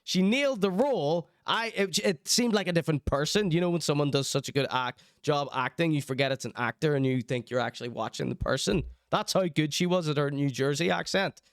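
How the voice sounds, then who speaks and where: A man's voice: fairly high pitch, fairly quick, few pauses, no room sound, studio quality. A man giving teasing, chatty live-stream commentary on clips. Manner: teasing, chatty, mock-outraged asides.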